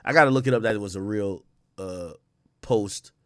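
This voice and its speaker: A man's voice: fairly low pitch, normal speed, a bit bright, dry recording, studio quality. A man in his thirties giving blunt, profane commentary as he reacts to news clips, laughing often.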